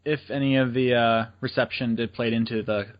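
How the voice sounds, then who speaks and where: A man co-hosting a casual video game podcast, making measured, wry remarks. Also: mid-range voice, steady tone, muffled recording. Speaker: podcast co-host. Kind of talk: casual chat about video games.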